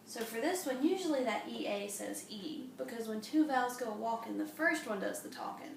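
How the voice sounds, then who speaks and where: A woman with a fairly high voice teaches young children to read, slowly and patiently, with plenty of encouragement. She is recorded from a few steps away in an echoey room with a faint hum behind her. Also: animated, gravelly, distant mic. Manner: slow, patient, encouraging classroom tone. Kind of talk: early reading lesson for young children. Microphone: camera a few steps away.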